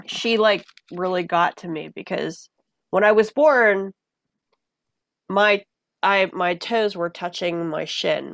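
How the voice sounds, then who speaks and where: A woman guest in a casual conversation, telling personal stories in an animated way and acting out the voices of the people in them. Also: fairly low pitch, vocal fry, no room sound. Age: adult mother of a young child. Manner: animated, acts out voices in her anecdotes. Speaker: podcast guest.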